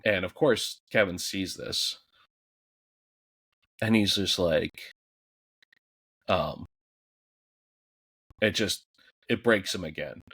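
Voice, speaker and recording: A man co-hosting a laid-back movie review podcast, telling the story of a film in loose, everyday speech. His voice is very low and he drops in the odd curse word while acting out what characters said. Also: takes it slowly, long pauses, breathy edge, dry recording. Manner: casual, swears, acts out characters' shouts. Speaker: podcast co-host. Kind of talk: casual movie review chat.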